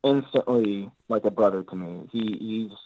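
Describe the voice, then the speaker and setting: A man's voice: on the low side, moderate pace, dark tone, slight background noise, rough recording. A man being interviewed as an actor guest, talking in an easygoing, rambling way with lots of filler words. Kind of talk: casual interview chat.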